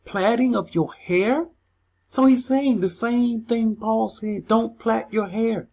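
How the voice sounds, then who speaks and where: A husky, slightly breathy voice reads scripture verses aloud and then argues over them. The speaker is emphatic and heated, and often stumbles and restarts mid-sentence while pressing each point. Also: mid-range voice, takes it slowly, darkish tone. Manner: agitated, stumbles over words. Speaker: Bible teacher.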